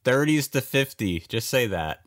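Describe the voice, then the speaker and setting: A man's voice: mid-range voice, lively intonation, unhurried, fairly bright tone. A man giving casual reaction commentary to a movie, talking back to the screen, laughing often and swearing.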